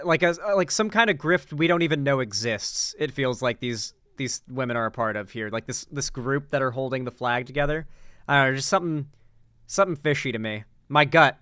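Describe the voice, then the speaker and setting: A man's voice: fairly high pitch, fairly quick, bright, forceful tone, smooth, dry recording, studio quality. A man hosting casual political reaction commentary, rambling with many fillers, restarts and blunt swearing.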